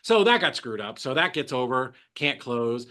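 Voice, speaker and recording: A man talking as a podcast guest, telling animated stories and acting out quotes with big jumps in pitch. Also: normal speed. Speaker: guest, real estate transaction coordinator. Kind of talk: casual podcast storytelling.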